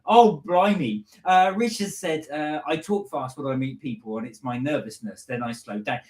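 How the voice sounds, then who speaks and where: A man's voice: fairly high pitch, moderate pace, darkish tone, roomy sound. A man co-hosting a live stream, casually reading out viewer comments and chatting about them. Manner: easygoing, reads out viewer comments. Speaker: co-host reading out live chat. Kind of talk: casual chat.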